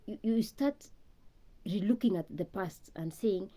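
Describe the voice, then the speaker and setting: A woman's voice: medium pitch, a little slow, warm tone. A woman giving an earnest, reflective talk on grief and loss, often repeating words as she searches for them. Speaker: speaker on healing from loss.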